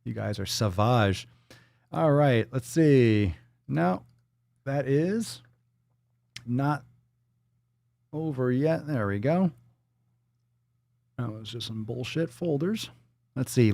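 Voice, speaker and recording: A man's voice: medium pitch, animated, slow pace, gravelly, long pauses, darkish tone, no room sound. A man hosting a livestream, reading out viewer donations and messages in casual, profane chat full of jokes and riffs. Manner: joking, profane and riffing off-the-cuff. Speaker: livestream host.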